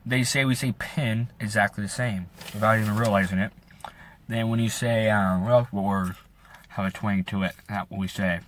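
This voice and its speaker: A man's voice: lowish voice, fairly even intonation, moderate pace, a little hiss or hum. A young man from Bakersfield, California, with a slight Southern twang in his Central Californian accent, chatting casually to camera in a rambling way. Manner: chatty, rambling, sprinkled with "like" and "right?". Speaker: vlogger. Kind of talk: casual vlog talk to camera.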